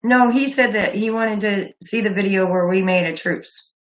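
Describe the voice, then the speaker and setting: A woman's voice: mid-range voice, normal speed, rough recording. A woman hosting a call-in livestream, talking bluntly with angry outbursts and lots of swearing. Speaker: livestream host taking calls.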